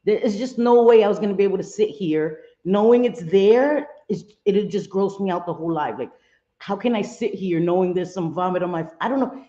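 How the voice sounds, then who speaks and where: A woman's voice: medium pitch, fairly quick, warm tone. A woman hosting a casual livestream from her home, chatting with viewers and mixing in Spanish exclamations. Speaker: livestream host. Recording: echoey room, dull lo-fi sound.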